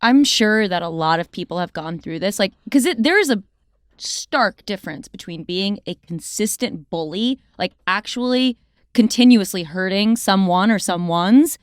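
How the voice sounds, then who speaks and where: A woman's voice: mid-range voice, normal speed, no echo, studio quality. A young woman co-hosting a podcast, chatting casually and telling stories with lots of "like". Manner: animated storyteller, heavy use of "like". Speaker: podcast co-host. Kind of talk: casual chat.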